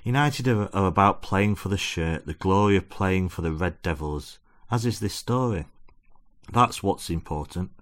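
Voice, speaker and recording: A man's voice: low voice, expressive, normal speed. A man reading aloud as a pompous, self-deluding football-obsessed father lecturing his son. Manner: preachy, lecturing.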